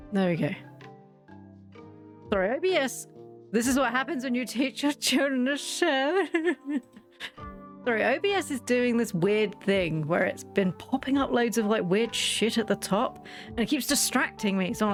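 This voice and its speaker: A woman's voice: fairly high pitch, expressive, normal speed, long pauses. A woman streaming a farming game while sick and sore-voiced, chatting casually and self-deprecatingly, laughing and greeting viewers by name. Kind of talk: casual live-stream chat while playing. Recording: faint background game music.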